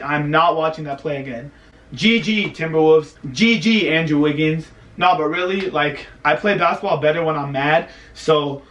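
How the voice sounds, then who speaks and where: A vlogger in his twenties, filmed at home late at night, goes on an exasperated, self-pitying rant about his team losing. His voice is a little high, bright, and forceful in this venting sports reaction vlog.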